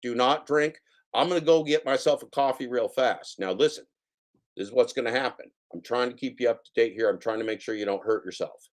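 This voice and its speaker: A man's voice: mid-range voice, a little fast. A man hosting a casual reaction stream, commenting on clips with playful, jokey mock warnings to his viewers.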